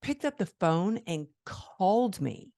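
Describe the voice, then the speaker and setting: Podcast host, woman, earnest and low-voiced, dry close sound. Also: sing-song, takes it slowly, warm tone, no echo. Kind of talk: casual conversation.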